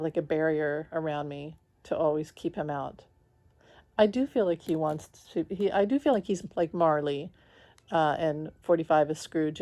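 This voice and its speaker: A woman talking in a casual confessional vlog from home, rambling with lots of fillers and quick laughs between thoughts. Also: sits low, mellow. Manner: talks lying down. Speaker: spiritual vlogger.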